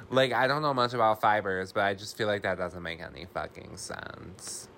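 A man's voice: fairly low pitch, moderate pace, creaky, pushed and bright, slight background noise. A man hosting a podcast, recapping a film in a loose, profane, casual way with many ums and likes.

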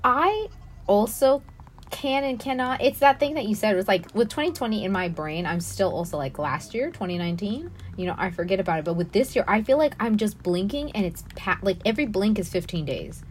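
Woman, podcast co-host, casual gaming chat, giggly, middle pitch, very lively intonation. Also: brisk, slight background noise. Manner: giggly, expressive, chatty. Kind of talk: casual chat while playing a video game.

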